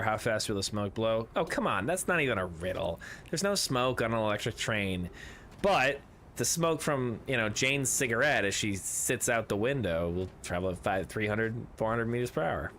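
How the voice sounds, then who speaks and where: A man's voice: lowish voice, lively intonation, a little fast, a bit bright, slight background noise. Rambling, joking man at a game table. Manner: rambling, jokey, swears casually. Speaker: streamer playing a tabletop game with friends. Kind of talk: casual game-table banter.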